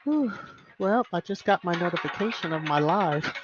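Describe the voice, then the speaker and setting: A woman's voice: fairly low pitch, lively intonation, normal speed. A woman hosting a casual live stream, chatting with viewers and greeting them by name in a sing-song way. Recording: slightly muffled, soft background music.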